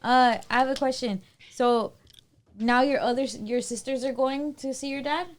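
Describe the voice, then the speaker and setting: A woman's voice: high voice, steady tone, moderate pace. A woman co-hosting a podcast in casual chat, chiming in with supportive remarks and questions. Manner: soft-spoken, supportive interjections and questions. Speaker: podcast co-host.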